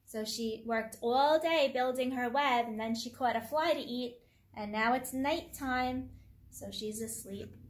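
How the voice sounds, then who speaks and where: Lady reading a picture book to little kids, slow and kinda high, singsongy teacher voice. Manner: slow, sing-song teacher voice, animal sounds and counting. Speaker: story time host for young children.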